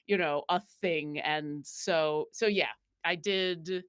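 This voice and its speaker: A woman from Buffalo, New York, joins a casual interview as a guest player, her low-pitched voice slow, smooth, and a bit bright. She rambles, often restarting and using fillers, and laughter comes easily to her.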